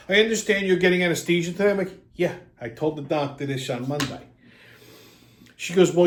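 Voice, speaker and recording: A man's voice: mid-range voice, echoey room. A man, telling a long profane story in an exasperated, casual way as host.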